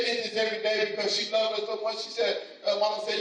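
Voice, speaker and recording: A man's voice: high-pitched, completely flat delivery, fast talker, hardly any pauses, a bit bright. A man preaching a sermon, telling a story and speaking the mother's and daughter's lines in his own voice. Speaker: pastor. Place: church sanctuary. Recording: echoey church hall, mic from a distance.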